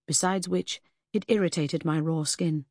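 Woman doing a soft rueful scarred lady, low husky voice, dry sound. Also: fairly even intonation, a little slow, dry recording. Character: scarred, veiled woman, wry and sorrowful.

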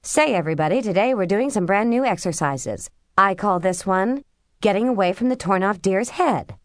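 A frightened young girl, high and trembling, her words breathless and shaky, played by a woman reading an audiobook. The voice sits far above the reader's own low tone. It is recorded close and dry, with no room sound. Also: animated, moderate pace, no echo, close to an everyday voice. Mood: mock-cheerful. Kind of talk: audiobook character voice.

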